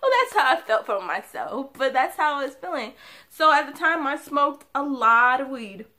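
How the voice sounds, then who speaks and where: A young woman talks straight to her viewers in a bright, fairly high voice and shares a hard personal story. She sounds candid and confiding, and laughs between the sad moments. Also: animated, normal speed. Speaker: vlogger.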